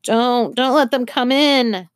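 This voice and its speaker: A woman reading aloud, voicing a frightened young boy whose voice turns squeaky with worry. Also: sing-song, unhurried, darkish tone. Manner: whimpering, pleading.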